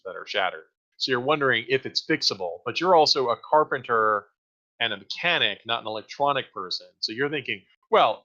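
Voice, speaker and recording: A man's voice: mid-range voice, bright, forceful tone, lo-fi sound. A man running a tabletop role-playing game as game master, rambling and dryly sarcastic.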